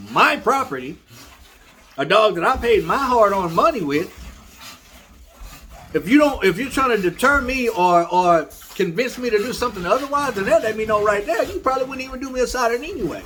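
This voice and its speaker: Blunt high-voiced man. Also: a bit bright, a little hiss or hum. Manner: blunt, repetitive, talks straight to viewers. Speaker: dog breeder. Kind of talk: casual storytelling monologue.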